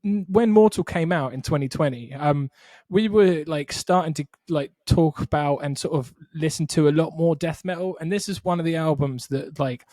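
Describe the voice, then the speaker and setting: A man co-hosting a podcast, gushing about a band he loves in an excitable, sweary casual chat. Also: fairly high pitch, moderate pace, hardly any pauses, no room sound, studio quality. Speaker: podcast co-host.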